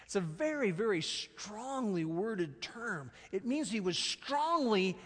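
A middle-aged man preaching a sermon, animated and storytelling, dropping to soft, slow stresses. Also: high-pitched. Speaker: pastor. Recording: long reverb of a large hall.

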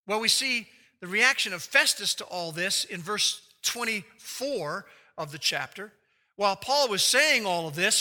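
Bright-voiced male preacher asking rhetorical questions. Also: high-pitched, animated, unhurried. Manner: expository, with rhetorical questions to the audience; acts out quoted speech with big shifts in loudness. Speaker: pastor. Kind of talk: sermon.

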